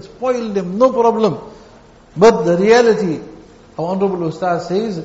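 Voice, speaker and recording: A man with a high voice preaches a sermon, repeating key phrases and telling everyday stories. The sound is dull and muffled, with a long reverb from a large hall. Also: darkish tone. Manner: storytelling with repeated phrases and acted quotes. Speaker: Islamic preacher.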